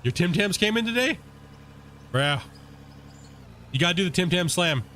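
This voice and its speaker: A man streaming a game, chatting casually with his viewers in a relaxed, rambling way full of fillers. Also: sits high, moderate pace, slight background noise. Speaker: gaming streamer. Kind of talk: casual chat with live viewers while playing.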